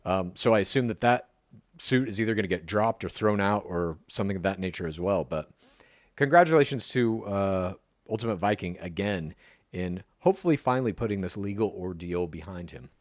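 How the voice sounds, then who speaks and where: A man co-hosting a podcast, recapping entertainment news in a wry, animated way. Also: low voice, a little fast, no room sound, studio quality. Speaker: podcast co-host. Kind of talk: casual news recap chat.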